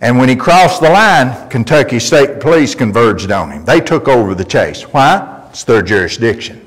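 A man's voice: mid-range voice, lively intonation, normal speed, husky. A male pastor preaching a sermon, telling folksy stories with emphatic delivery. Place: church sanctuary. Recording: long reverb of a church hall.

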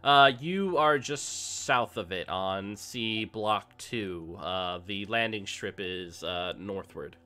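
A man acting as game master, narrating a tabletop horror game in an unhurried way with many pauses. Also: on the low side, bright, forceful tone, clear, resonant tone. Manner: unhurried scene-setting with frequent "uh" pauses.

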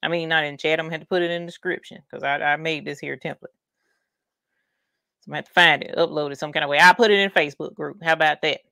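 A woman's voice: low-pitched, steady tone, quick pace, creaky, bright, forceful tone, no echo, studio quality. A woman with a Southern US country accent, chatting folksily while hosting a craft livestream. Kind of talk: casual livestream chat.

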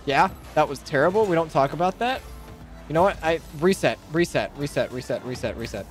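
A man streaming a game, chatting casually with rambling restarts and sudden excited outbursts. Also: on the high side, fairly quick, faint music behind. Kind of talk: casual live-stream gaming commentary.

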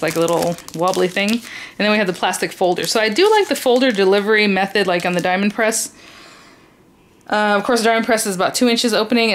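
A woman's voice: mid-range voice, slight background noise. A woman chatting casually while unboxing craft supplies, rambling and enthusiastic with lots of fillers. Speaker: crafting YouTuber.

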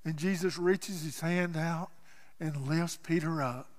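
A male pastor delivers a sermon in a church sanctuary, his voice high and bright. He tells the story slowly and theatrically, rising to loud cries and dropping to near hushes. A long reverb trails behind every phrase. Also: steady tone.

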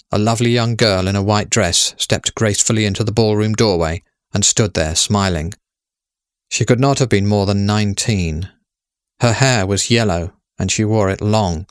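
A man narrating a story in a measured, steady way. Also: fairly low pitch, dry recording, studio quality.

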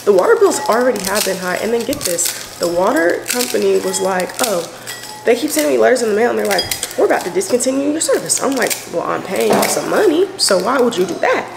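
A woman in her twenties rambling through a casual home vlog, chatty and animated. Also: medium pitch, brisk. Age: 20s. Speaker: vlogger, mom of three. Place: at home, indoors. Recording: echoey room with clear background noise.

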